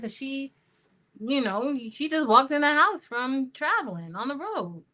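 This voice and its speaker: A woman's voice: sits high, very animated, normal speed, pushed and bright. A middle-aged woman hosting a crafting livestream, chatting casually with viewers while she works. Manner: chatty, storytelling, talks to viewers as y'all.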